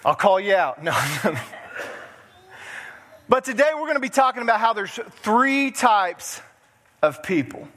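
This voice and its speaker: A man's voice: high voice, sing-song, a little slow, long pauses, fairly bright tone, long reverb tail. A man, a pastor preaching a folksy sermon in a church. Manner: folksy, chuckles through the story. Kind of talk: sermon with storytelling. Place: church sanctuary.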